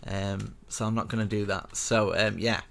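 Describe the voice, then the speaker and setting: A man's voice: on the low side, fairly even intonation, moderate pace, gravelly. A young man casually walking viewers through a building tutorial step by step, chatty and rambling with self-mocking asides.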